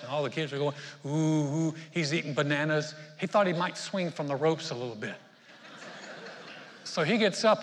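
A man's voice: a little high, in a large hall. A pastor preaching a sermon, telling a joke story and then urging his listeners with growing emphasis. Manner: storytelling with jokes, rising to emphatic exhortation. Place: church sanctuary.

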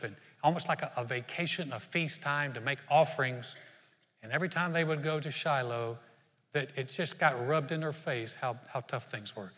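A man's voice: medium pitch, a bit bright. A man preaching a sermon as pastor, telling stories with frequent restarts and repeated words. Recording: long hall reverb.

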